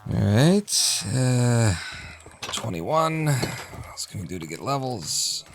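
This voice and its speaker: A man's voice: medium pitch, sing-song, takes it slowly. A man streaming a video game, talking casually and muttering to himself as he plays, over a noisy recording. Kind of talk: casual gameplay commentary.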